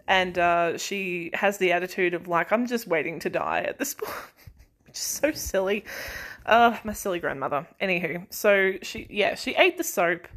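A woman's voice: mid-range voice, fairly bright tone. A young woman, casually rambling through family stories as a podcast host, laughing and sighing often. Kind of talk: casual chat.

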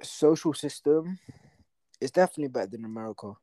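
A young man, co-hosting a casual podcast chat and telling animated stories full of slang. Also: medium pitch, fast talker, dry recording. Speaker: podcast co-host.

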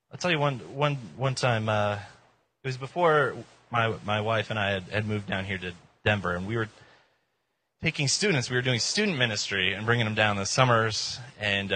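A man preaching a casual, joking sermon in an informal, animated way. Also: fairly low pitch. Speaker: pastor.

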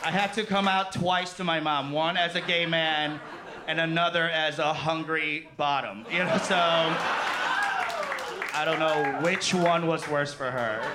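A man in his thirties doing a stand-up comedy set on a club stage, animated and crude, often laughing mid-sentence. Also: a little high, takes it slowly, long pauses, a loud crowd, heavy background noise. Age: 30s. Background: laughing audience.

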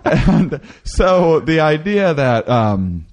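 A man talking casually in a rambling way, with many restarts, who acts out quotes in a high excited voice. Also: extremely slow. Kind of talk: casual conversation.

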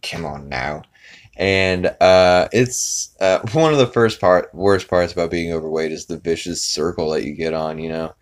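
A man's voice: deep voice, fairly even intonation, moderate pace, few pauses, smooth. A man hosting a podcast, casually retelling a cartoon episode in a rambling way, with lots of fillers and laughing along. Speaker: podcast host.

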